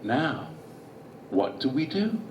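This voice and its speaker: A man playing an eager, scheming male statesman who pitches a plan in a raised, pushy voice. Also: big pitch swings, slow, a little hiss or hum. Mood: persuasive. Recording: distant, roomy, dull hall recording.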